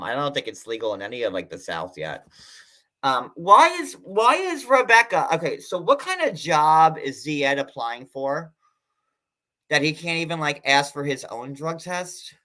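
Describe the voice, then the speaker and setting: Hosting a casual livestream, a man talks in a chatty, sarcastic way, his fairly high voice bright and a little sharp. His speech is packed with fillers and quick asides.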